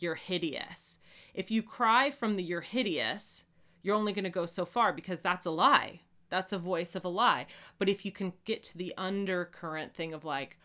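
A woman's voice: on the low side, sharp tone. A woman talking reflectively in a podcast conversation as a guest author, now and then acting out quoted voices.

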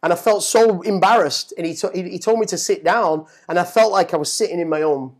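A middle-aged man telling a story as a guest, animated and swearing, often repeating words as he gets excited. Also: sits high, a little fast. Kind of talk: casual storytelling.

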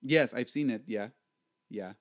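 A man hosting a casual podcast chat. He is jokey and animated, and he often repeats his words. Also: mid-range voice, measured pace. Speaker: podcast host.

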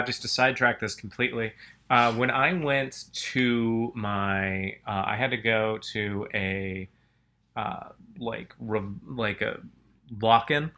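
This podcast co-host has a lowish, sharp-toned voice and sounds groggy from a nap. He chats casually, rambling through stories and frequently cutting himself off to start sentences over.

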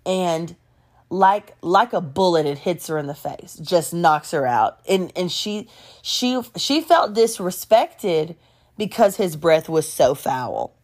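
A woman telling a gossipy story in casual storytime style, animated and laughing along. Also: on the low side, slow pace.

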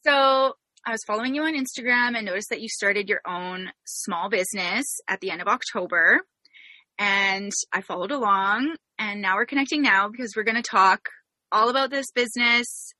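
A woman's voice: mid-range voice, moderate pace, sharp tone, dry recording. A young Canadian woman hosting a podcast, telling a story in a bubbly, giggly way. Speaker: podcast host. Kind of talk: casual interview chat.

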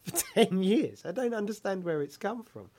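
A man's voice: high voice, lively intonation, normal speed, background noise. A man co-hosting a podcast, joking and teasing his guest in casual banter. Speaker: podcast co-host. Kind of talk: casual chat.

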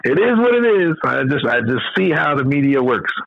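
A man's voice: medium pitch, big pitch swings, fairly quick, gravelly, dull audio. A man co-hosting a podcast, talking in a heated, profane, emphatic way in casual chat. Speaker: podcast co-host.

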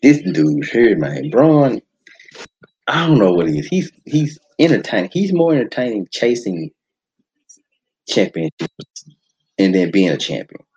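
A man hosting a podcast, giving casual, slangy commentary on wrestling as he watches. His talk jumps to high excited shouts. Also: unhurried, long pauses, slightly rough, lo-fi sound. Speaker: podcast host.

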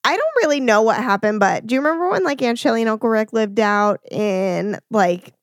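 A woman in casual chat as a podcast co-host, telling stories in a relaxed, playful way. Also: fairly high pitch, a little fast, no room sound, studio quality.

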